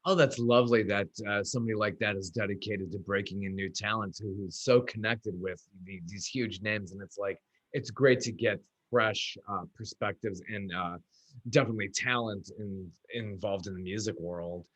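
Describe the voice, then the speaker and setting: A male podcast host with a very deep, husky voice chats with open enthusiasm, pausing on fillers as he gathers his thoughts. The sound is dry and close. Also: fairly bright tone, dry recording, poor audio. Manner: enthusiastic, admiring, halting with fillers. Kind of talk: casual interview chat.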